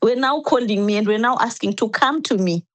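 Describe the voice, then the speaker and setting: A woman's voice: a little high, fairly quick, rough recording. A woman as a podcast guest, earnestly recounting a painful personal story step by step, often restarting her sentences.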